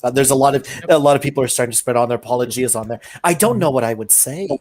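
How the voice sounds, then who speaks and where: A man's voice: medium pitch, rapid-fire, darkish tone. A man with a mid-range voice chats casually as a guest who makes online videos. He thinks aloud, hesitating as he weighs his words. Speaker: guest content creator. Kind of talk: casual chat.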